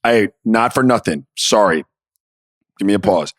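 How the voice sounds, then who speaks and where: A man's voice: lowish voice, expressive, a little slow, no echo, studio quality. Laid-back, blunt middle-aged man. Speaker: podcast co-host. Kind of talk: casual chat.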